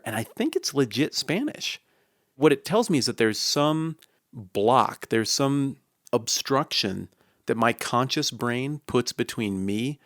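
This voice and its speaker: A man's voice: lowish voice, dry recording, clean studio sound. A man co-hosting a podcast, chatting casually, curious and jokey, asking questions. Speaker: podcast co-host. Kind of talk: casual chat.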